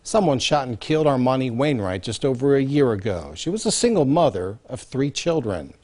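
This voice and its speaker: A man's voice: mid-range voice, a little mellow. A man anchoring the news, reading a scripted intro to an interview. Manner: varied newsreader delivery.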